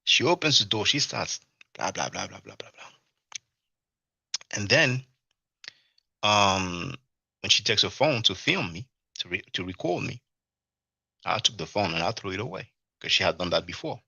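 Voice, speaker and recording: A man's voice: fairly low pitch, moderate pace, creaky, long pauses, husky, dry recording. A man hosting a livestream, rambling through a personal story in casual talk, full of fillers and restarts. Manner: rambling, animated retelling with many fillers and restarts. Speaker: livestream host.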